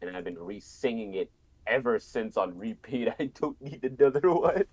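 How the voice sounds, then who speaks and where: A man's voice: mid-range voice, lively intonation, moderate pace, breathy edge. A man chatting casually on a streamed group call, playful and teasing, laughing often.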